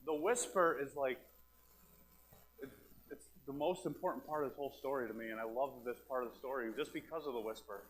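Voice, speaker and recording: A man's voice: mid-range voice, a little fast, a bit bright, poor audio. A man preaching a sermon as pastor, talking plainly and repeating his key phrases, sometimes dropping to a whisper. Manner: drops to a whisper to make a point, then back up.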